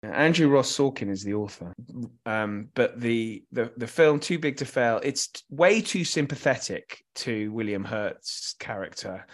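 A man talks through a film in a relaxed podcast chat, circling back and restarting his thoughts as he goes. His voice sits at a middle pitch. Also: a little slow. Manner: rambling with many restarts. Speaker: film club co-host. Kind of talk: casual film discussion.

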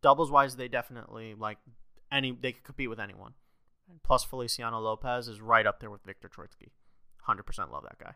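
Bright, crisp-voiced man chatting sports. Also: medium pitch, a little fast, no room sound. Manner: animated, laughs often, heavy use of "like". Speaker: podcast co-host. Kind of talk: casual sports chat.

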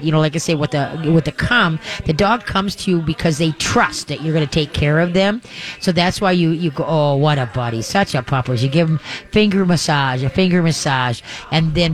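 Folksy radio host man. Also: fairly high pitch. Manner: folksy, rambling, with playful voices for dogs and owners. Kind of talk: live call-in radio chat. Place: live broadcast at a pet store.

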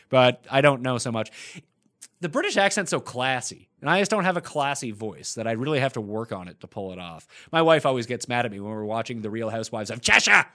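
Lively, blunt male podcast host. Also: mid-range voice. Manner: blunt and profane, answering questions rapid-fire. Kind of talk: casual chat answering listener questions.

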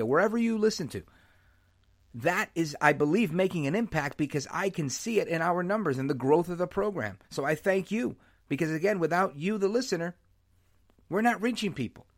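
A man hosting his own podcast, talking in an animated, opinionated way and dropping in Spanish words. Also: on the high side, gravelly. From United States. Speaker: podcast host. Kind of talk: solo podcast monologue. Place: New York.

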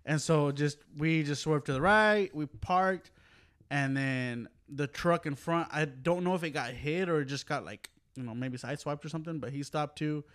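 A man co-hosting a podcast in casual chat, relaxed and filler-heavy, laughing as he tells a driving story. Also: on the high side, normal speed, clear, resonant tone. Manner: relaxed, laughs often, says "like" and "dude". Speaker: podcast co-host.

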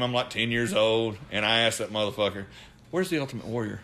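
A man's voice: fairly low pitch, quick pace, sharp tone. A man, co-hosting a casual podcast chat, telling profane stories and acting out what people said. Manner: profane, storytelling with voiced quotes. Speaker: podcast co-host, former wrestler.

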